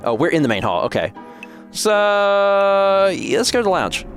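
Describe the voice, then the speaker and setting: A man talking over a game he is playing, loose and self-mocking in his comments. His voice leaps around a lot and sits slightly high. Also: big pitch swings, unhurried, faint music behind. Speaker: host.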